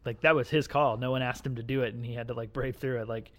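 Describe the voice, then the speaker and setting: A man's voice: mid-range voice, fairly even intonation, fast. A man co-hosting a casual podcast, talking in an easygoing, agreeable way. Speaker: podcast co-host. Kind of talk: casual chat.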